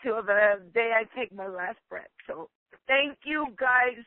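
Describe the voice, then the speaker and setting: Emotional high-voiced woman on a phone line. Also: dry recording. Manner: emotional, earnest, halting with fillers. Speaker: caller. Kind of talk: phone call into a conference call.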